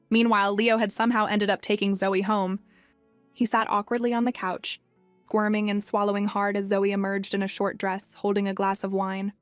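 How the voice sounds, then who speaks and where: A woman narrating a manhwa recap in an even storytelling way, over faint music. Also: medium pitch, moderate pace, no echo. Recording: dry, music faint behind.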